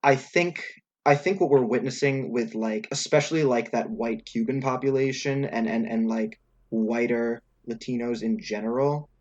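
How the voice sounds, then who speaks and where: A young man co-hosting a casual political podcast, talking in long loose runs full of fillers and false starts. His voice sits at an ordinary middle pitch. The recording is a little dull and lo-fi. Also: steady tone, moderate pace, a little mellow. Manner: rambling, lots of fillers and restarts. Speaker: podcast co-host.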